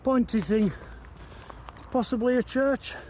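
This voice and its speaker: A high-pitched man talks casually to his camera while hiking uphill paths outdoors. He rambles and sounds easily amazed, sometimes a little short of breath. Faint outdoor ambience hums behind him. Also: takes it slowly, a little mellow, a little hiss or hum. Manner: walking uphill, at times a bit out of breath. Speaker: walking vlogger. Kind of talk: casual walk-and-talk narration. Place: outdoors on hilly woodland paths.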